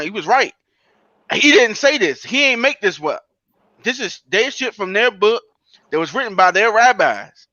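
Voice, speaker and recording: A man's voice: sits high, bright, forceful tone, no echo, highs cut off. A man co-hosting a casual podcast chat, talking earnestly and explaining at length.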